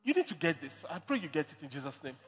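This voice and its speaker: A man's voice: fairly high pitch, sing-song, quick pace, fairly bright tone, in a large hall, soft background music. A man preaching a sermon as pastor, emphatic, repeating and restarting phrases.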